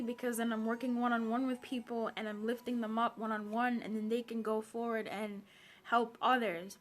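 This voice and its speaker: A woman's voice: fairly high pitch, fairly bright tone. A woman from Zambia, a personal development coach, chatting on a late-night live stream, greeting viewers by name.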